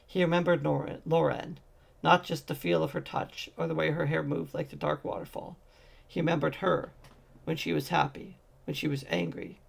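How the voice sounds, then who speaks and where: A man's voice: fairly high pitch, vocal fry, husky. A man narrating a fantasy short story as a fan audiobook, reading steadily with occasional slips.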